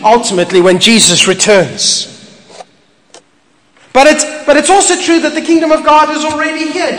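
A man preaching a sermon as pastor, animated and emphatic with playful asides. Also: extremely high pitch. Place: church hall. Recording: echoey hall, faint ambience.

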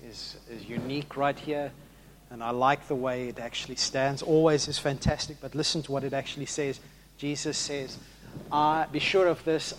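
Male preacher, high-pitched, animated sermon delivery that swings from loud to hushed. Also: slight background noise.

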